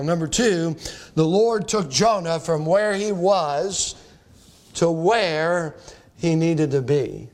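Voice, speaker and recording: A pastor preaching an emphatic sermon, reading old-fashioned scripture aloud and calling his listeners friends. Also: fairly bright tone. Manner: reads scripture in old-fashioned wording, slowing and dropping low on key words.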